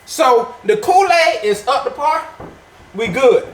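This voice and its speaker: A man's voice: very high-pitched, expressive, slow. A man making a casual, playful how-to vlog in his home kitchen, joking as he goes. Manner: playful, joking, laid-back. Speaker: vlogger. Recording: echoey room with faint background noise.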